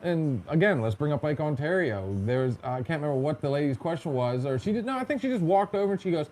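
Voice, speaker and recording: A man's voice: a little high, animated, a little fast, hardly any pauses, a little mellow, a little hiss or hum. A man hosting a casual podcast, telling stories in a chatty, joking way and mimicking other people in quotes. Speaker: podcast host. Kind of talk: casual storytelling chat.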